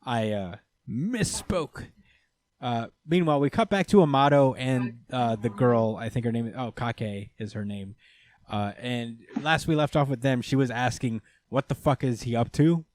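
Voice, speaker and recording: A man's voice: mid-range voice, measured pace, a little mellow, dry recording, studio quality. A man co-hosting a podcast, loosely retelling an anime episode with lots of fillers. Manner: rambling, filler-heavy retelling. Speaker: podcast co-host. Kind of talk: casual anime recap chat.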